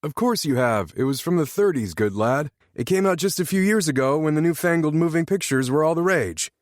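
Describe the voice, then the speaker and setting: A man voicing an excitable, goofy teenage boy who yells out guesses in a high voice. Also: brisk, no room sound, studio quality, lightly acted. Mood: excited. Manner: yelling, excitable, high-pitched.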